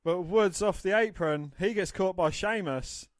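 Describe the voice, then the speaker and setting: A man's voice: high voice, unhurried, dry recording. A man co-hosting a podcast, giving brief, laid-back replies and calling match moments. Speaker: podcast co-host. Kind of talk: casual wrestling podcast commentary.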